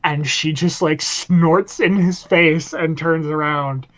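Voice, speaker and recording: A man co-hosting a casual podcast chat, retelling scenes with laughs and lively energy. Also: a little high, takes it slowly, low-quality recording. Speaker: podcast co-host.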